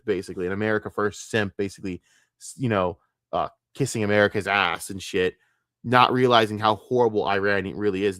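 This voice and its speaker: Male streamer, low voice, furious profane rant, dry close sound. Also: a bit bright, no room sound. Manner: angry, profane, emphatic. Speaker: streamer reacting to clips. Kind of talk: heated commentary rant.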